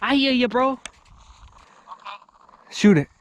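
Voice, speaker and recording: A man's voice: very high-pitched, a little slow, slight background noise. A young man hunting outdoors in the cold and filming a casual vlog, goofy and crude, talking to himself and to the camera. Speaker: YouTube hunting vlogger.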